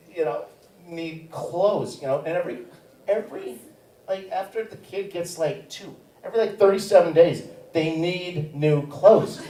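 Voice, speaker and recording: A man's voice: on the high side, a little mellow. Rambling middle-aged man doing stand-up. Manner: rambling, halting with fillers and restarts. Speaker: stand-up comedian. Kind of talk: stand-up comedy set. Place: comedy theater stage. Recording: echoey room, picked up from a distance.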